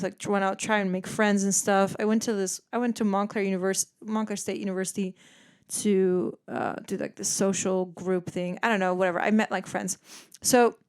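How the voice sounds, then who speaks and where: Speaking at a medium pitch, this podcast host, a woman in her twenties from the Netherlands, keeps the conversation casual and lively. She curses without restraint and imitates how other people talk.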